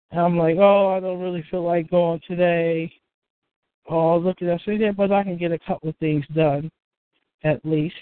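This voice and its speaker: A man's voice: high voice, no room sound. A man hosting a community call, talking casually in a rambling, easygoing way with lots of fillers. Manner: rambling, easygoing, many "you know" fillers. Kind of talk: casual chat. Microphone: phone or call line. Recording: tinny phone line, dry.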